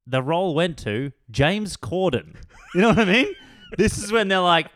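A man co-hosting a casual podcast chat, an animated storyteller who tells about his voice acting auditions. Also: high voice, moderate pace, dry recording. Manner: animated storyteller, lively retellings. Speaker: podcast co-host and voice actor.

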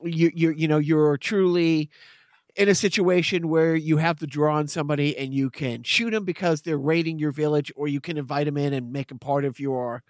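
A man's voice: a little high, steady tone, moderate pace, no room sound, clean studio sound. A middle-aged man co-hosting a podcast, talking casually and explaining things at length with small stammers. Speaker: podcast co-host. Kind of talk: casual chat.

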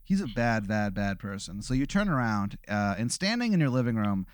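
A man's voice: lowish voice, very animated, normal speed, smooth. A man co-hosting a podcast who improvises a comic story in the second person and rambles with lots of fillers. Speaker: podcast co-host.

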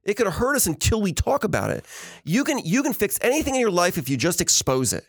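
A man's voice: sits high, fast talker, vocal fry, dry recording, studio quality. A middle-aged man in casual chat who tells stories with energy and acts out what others said. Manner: animated storyteller acting out quotes. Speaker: podcast co-host.

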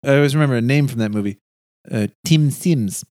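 A man's voice: medium pitch, rapid-fire, a little mellow, no room sound, studio quality. A man, a stand-up comedian, chatting casually, rambling and trailing off mid-thought. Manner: rambling, trailing off, self-interrupting. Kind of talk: casual chat.

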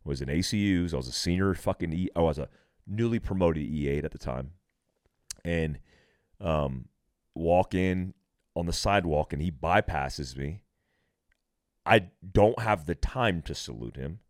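A middle-aged man with a very deep voice tells his stories bluntly and with plenty of swearing. He sounds animated as he talks on a podcast. The recording is close and dry, with no room sound. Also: measured pace, long pauses, no echo. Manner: animated, profane storytelling. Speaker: guest, military veteran. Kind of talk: casual podcast conversation.

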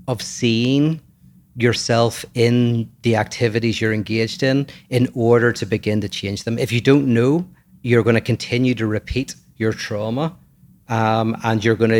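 A man hosting a casual philosophical discussion, explaining ideas patiently and searching for the right words. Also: mid-range voice. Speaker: podcast co-host.

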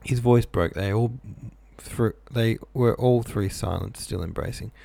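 A man reads a novel aloud at a measured pace, his low voice gravelly at the edges and dark and mellow in tone. His reading is plain, while his offhand, casual asides are full of "like". The recording is close and dry, with no echo.

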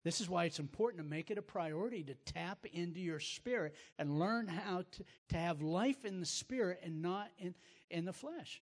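Male host-preacher, slightly high pitch, emphatic teaching delivery, reverberant sound. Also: expressive, moderate pace. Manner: emphatic, repeats words as he builds a point. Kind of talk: sermon-like teaching.

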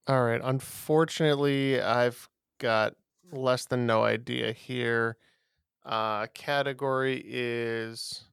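Man trivia contestant, slow deliberate talk, very smooth voice, gravelly edges, dry close sound. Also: mid-range voice, fairly bright tone, no room sound. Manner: slow, deliberate reasoning aloud. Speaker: podcast guest contestant. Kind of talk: casual podcast banter.

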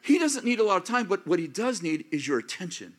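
A man of fifty or older preaching a sermon as pastor, acting out prayers and inner thoughts in an animated way. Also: high-pitched, fast. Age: 50s or older.

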